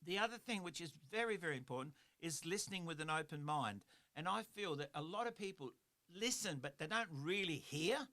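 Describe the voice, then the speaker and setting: A middle-aged man hosts a motivational radio show. His voice sits high and bright, with a forceful edge. He talks earnestly and rambles a little, circling back to repeat his key phrases. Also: expressive, fairly quick. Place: radio studio.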